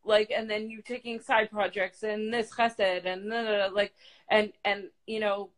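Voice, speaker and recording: A woman with a mid-range, level voice hosts a casual live-stream video chat, posing questions hesitantly, halting and restarting often. The recording quality is low.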